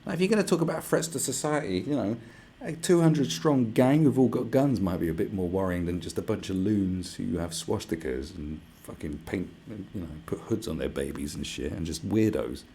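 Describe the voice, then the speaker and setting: A man's voice: sits low, normal speed, hardly any pauses, mellow, slightly rough. A young man ranting casually to camera, sarcastic and rambling, swearing often. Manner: swearing, rambling and sarcastic, slips into mock voices. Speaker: vlogger.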